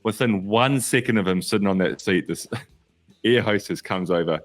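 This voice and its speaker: Casting: man, podcast co-host, low voice, chuckling anecdote-teller. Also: normal speed, soft background music. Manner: laughing anecdote-teller, swears freely. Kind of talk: casual chat.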